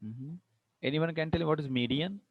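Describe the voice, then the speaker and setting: Fast-talking Indian English teacher. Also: male voice, a little high, no echo, highs cut off. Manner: explains step by step, checks understanding with questions. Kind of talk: online lecture, mixing English and Hindi.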